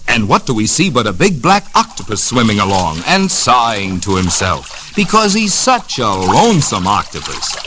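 A man narrating a children's story on a record in a gentle, expressive way. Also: lowish voice, moderate pace, hardly any pauses, background noise. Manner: gentle, sing-song and expressive.

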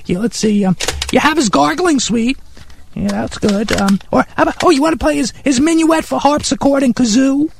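A performer doing Harry, a shrill, gravelly music snob. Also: moderate pace, slight background noise. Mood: patronizing. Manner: pompous, condescending, gushing. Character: eccentric excitable male music snob Harry. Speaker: regular sidekick character. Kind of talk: comedy radio sketch.

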